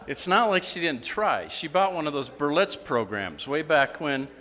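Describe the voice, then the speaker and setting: Bright and pushed, his voice sits on the high side with lively intonation as he speaks at a normal speed. He's the club speaker giving a funny after-dinner talk, cracking jokes and performing quoted lines in an echoey hall with faint ambience and slight background noise.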